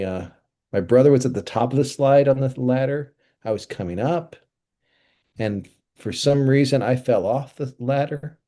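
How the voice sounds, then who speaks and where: A man's voice: fairly low pitch, dark tone. A man who is a pastor, hosting a podcast in easygoing casual chat and rambling through stories. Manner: easygoing, chuckles, rambling storytelling.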